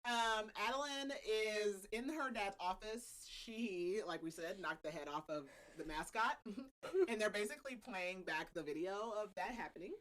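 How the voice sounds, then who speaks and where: A woman's voice: medium pitch, animated, a little slow, fairly bright tone. A woman hosting a podcast, casually recapping a book's plot with a chatty, laughing manner and lots of filler words. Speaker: podcast host. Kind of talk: casual book recap chat.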